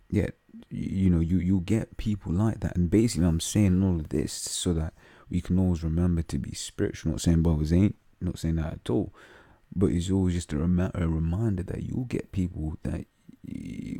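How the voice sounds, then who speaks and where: A man's voice: low-pitched, fairly even intonation, normal speed, warm tone, dry recording. A man with a London accent reading Bible verses aloud and explaining them in casual, slang-heavy talk full of fillers. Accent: London English. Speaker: religious teacher.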